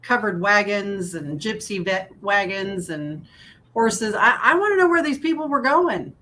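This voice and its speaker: A woman co-hosting a casual fan podcast, chatty and quick to laugh as she goes through her slides. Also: medium pitch, animated, sharp tone, a little hiss or hum. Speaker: podcast co-host.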